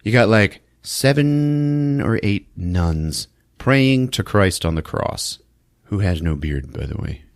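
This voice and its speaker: A man hosting a podcast who recaps a horror film in casual chat, telling it as an animated storyteller. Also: lowish voice, slow, no room sound, clean studio sound. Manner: animated storyteller, laughing often. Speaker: podcast host.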